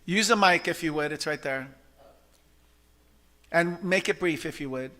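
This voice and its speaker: Male church service leader, bright, a little high, animated and chatty with shouting bursts. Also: a little slow, slight background noise. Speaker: practitioner leading a service. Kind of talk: sermon. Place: church sanctuary.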